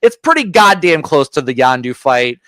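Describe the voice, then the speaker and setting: A man's voice: fairly high pitch, very animated, moderate pace, a bit bright, no room sound. A man co-hosting a casual podcast, giving an opinionated movie review full of fillers and gripes. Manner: opinionated, ranting with frequent fillers. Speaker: podcast co-host.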